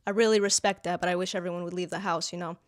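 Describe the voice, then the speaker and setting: A woman's voice: lowish voice, steady tone, rapid-fire, dry recording, clean studio sound. Blunt, exasperated young woman. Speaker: vlogger. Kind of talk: storytime monologue to camera.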